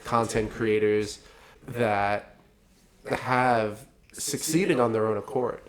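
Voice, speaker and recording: A man's voice: lowish voice, takes it slowly. A young man co-hosting a podcast in casual chat, rambling with lots of fillers and laughing often. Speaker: podcast co-host.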